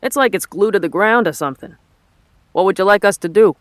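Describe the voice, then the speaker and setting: A man voicing a male dig site foreman with a thick Boston accent, talking loud and blunt. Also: sits high, brisk, no room sound, clean studio sound, pitched above the performer's own voice. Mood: urgent. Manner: loud, pushy, blunt questions.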